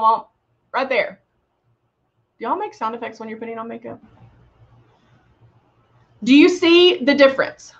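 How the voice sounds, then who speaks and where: Chatty woman doing a makeup tutorial, high voice, kinda dull lo-fi sound, goofy sound effects. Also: fairly bright tone. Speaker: makeup demonstrator.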